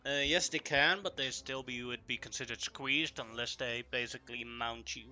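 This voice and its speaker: A man running a tabletop game as game master, narrating and explaining rules briskly. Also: medium pitch, steady tone, music in the background.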